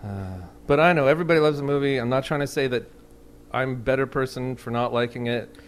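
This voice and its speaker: A man's voice: medium pitch, fast, clean tone. A man talking casually in an interview as a touring band musician, rambling and self-deprecating, with many restarts.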